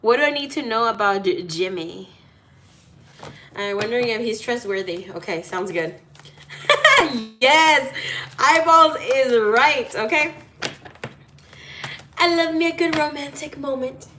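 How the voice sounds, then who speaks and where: A woman's voice: fairly high pitch, lively intonation, unhurried, pauses often, background noise. Chatty, playful woman tarot reader. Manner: chatty and playful, laughs often, swears casually. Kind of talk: casual tarot reading chat.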